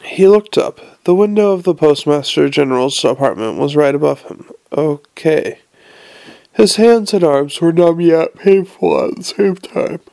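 A man reading a novel aloud with lively, slightly stumbling narration. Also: on the high side, measured pace, vocal fry. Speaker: audiobook narrator.

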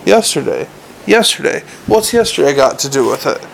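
A man voicing a nervous, clever male dwarf watchman who asks quick, fretful questions. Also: fairly high pitch, very animated, creaky, slight background noise, heavily acted, poor audio. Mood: uneasy.

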